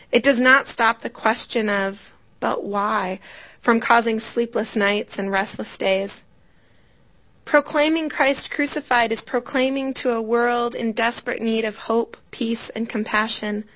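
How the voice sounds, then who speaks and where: A woman with a slightly high voice delivers a sermon. She speaks in a measured, reflective way. She slows down when she quotes scripture. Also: a bit bright, low-quality recording. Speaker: preacher.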